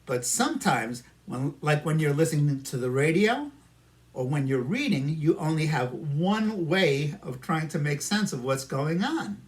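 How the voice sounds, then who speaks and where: A male ESL teacher with a New York accent and a fairly high, expressive voice runs a simulated micro lesson on English listening. He speaks slowly and patiently to imagined students, echoing their answers and answering for them.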